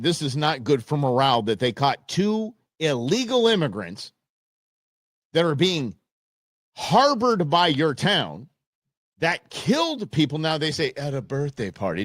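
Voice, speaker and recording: A man's voice: medium pitch, no echo, clean studio sound. Sarcastic fired-up male commentator. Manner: sarcastic, heated, swings from mocking shouts to muttered asides. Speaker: host. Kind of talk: opinion commentary over a news clip.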